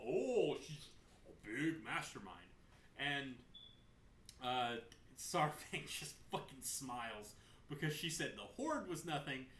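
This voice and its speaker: A young man casually recapping a game's story, animated, joking and swearing freely. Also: a little high, slight background noise. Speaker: gaming channel host. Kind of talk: casual game lore recap. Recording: roomy echo.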